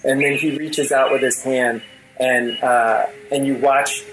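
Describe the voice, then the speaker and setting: A man's voice: medium pitch, flat delivery, measured pace, a bit bright, slight background noise, poor audio. A man narrating a tabletop role-playing game as game master, in a loose storytelling way with many fillers.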